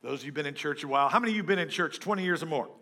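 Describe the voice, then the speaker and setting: A middle-aged pastor preaching a lively sermon to his congregation, breaking into hymns and joking with the crowd. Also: fairly high pitch, racing. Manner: animated preaching, sings hymns and jokes with the congregation. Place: church before a congregation.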